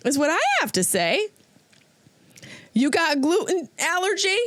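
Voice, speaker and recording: A woman comedian riffs her way through a podcast monologue and keeps slipping into silly voices. Her voice sits fairly high. The recording is close and dry. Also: sing-song, measured pace, long pauses, fairly bright tone, no room sound. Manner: riffing, slips into silly voices.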